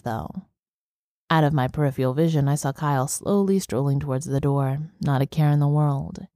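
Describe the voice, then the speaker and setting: Audiobook narrator, woman, very low and mellow, dry close read. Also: no echo. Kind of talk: scripted narration.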